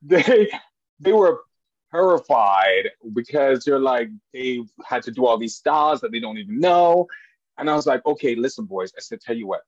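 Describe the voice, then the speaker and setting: A man who is a podcast guest, telling family stories in an animated way and jumping high in pitch when he quotes people. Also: normal speed, dry recording, highs cut off. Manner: animated storyteller, voice jumps high for quoted lines. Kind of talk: storytelling in a podcast interview.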